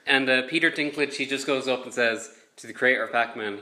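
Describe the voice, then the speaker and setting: Bright-voiced male co-host recapping a film. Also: mid-range voice, little pitch movement. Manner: halting, tries to steer the talk back. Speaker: podcast co-host. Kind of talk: casual chat.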